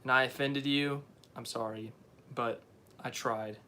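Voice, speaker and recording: A man's voice: medium pitch, fairly even intonation, unhurried, sharp tone. A young man hosting a casual live stream, rambling and often correcting himself as he answers viewers. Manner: rambling, unsure, self-correcting.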